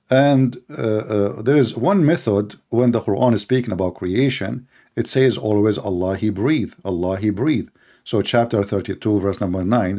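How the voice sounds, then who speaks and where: A man's voice: lowish voice, dark tone. A man giving polemical commentary in a sarcastic, emphatic and mocking way. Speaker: religious debater.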